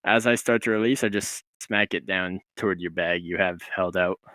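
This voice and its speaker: A man's voice: deep voice, steady tone, normal speed, bright, forceful tone, no echo. A man playing a tabletop game, playfully describing his character's actions step by step. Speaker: player. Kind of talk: tabletop role-play banter.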